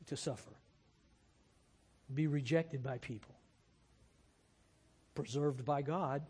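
A pastor with a somewhat high voice preaches in a thoughtful, conversational way. His voice rings out with a long reverb, as if he is in a large hall. The delivery is reflective rather than theatrical. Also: darkish tone, husky. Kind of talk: sermon.

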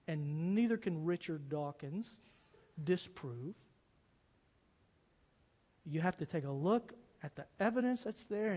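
A man preaching a sermon as pastor, earnest, swinging from loud pleas to hushed, quiet passages. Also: high-pitched, slightly rough. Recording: long hall reverb.

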